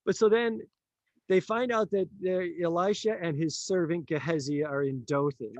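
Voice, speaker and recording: A man telling a story in a casual conversation, animated, acting out the lines of the people in it and laughing often. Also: high voice, moderate pace, dry recording, dull audio. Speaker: author and teacher.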